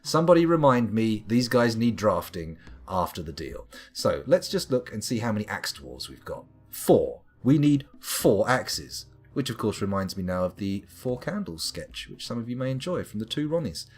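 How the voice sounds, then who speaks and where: A man's voice: on the low side, big pitch swings, moderate pace, few pauses. A man streaming a game live, chatting and joking as he reads items off the screen.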